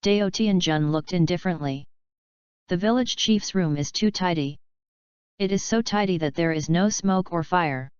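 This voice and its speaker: A woman narrating a fanfiction audiobook in a flat, even reading, with a dull lo-fi sound. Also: lowish voice, moderate pace, smooth, no echo. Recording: dull lo-fi dry recording.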